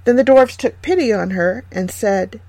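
A woman reading a fairy tale aloud in a gentle, measured way. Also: a little high, dry recording. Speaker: storyteller.

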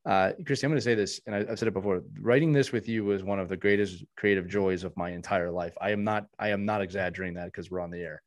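A man hosting a hockey podcast, chatting casually and warmly, with frequent restarts and repeated words. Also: low voice, fairly even intonation, fast talker, few pauses. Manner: warm, rambling, many restarts. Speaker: podcast host.

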